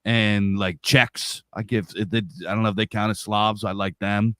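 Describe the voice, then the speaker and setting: A man's voice: fairly low pitch, flat delivery, moderate pace, a bit bright, clean tone, no echo, studio quality. A man from the United States chatting bluntly on a livestream, opinionated and swearing freely. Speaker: livestream co-host. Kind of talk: casual livestream chat.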